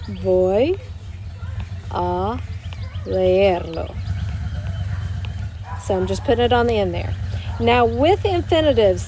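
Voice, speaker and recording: A woman teaching a Spanish grammar lesson to her students, explaining step by step and slowing down to model each Spanish word. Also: fairly high pitch, a little mellow, a little hiss or hum. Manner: patient, explanatory, slows down to model Spanish words. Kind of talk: recorded classroom grammar lesson.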